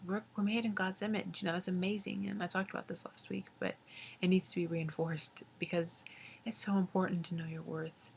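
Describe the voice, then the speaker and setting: 18 yr old girl rambling earnestly about faith, low flat voice, lots of fry, slips into half whispers. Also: a little hiss or hum. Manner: halting, rambling, many fillers, earnest; often drops into soft half-whispers. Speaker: faith vlogger. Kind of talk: casual confessional faith talk.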